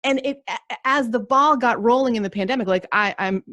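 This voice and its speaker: A woman hosting a podcast, telling a story in an animated, rambling way and laughing often. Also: fairly high pitch, a little fast, no room sound, muffled recording. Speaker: podcast host. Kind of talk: casual conversation.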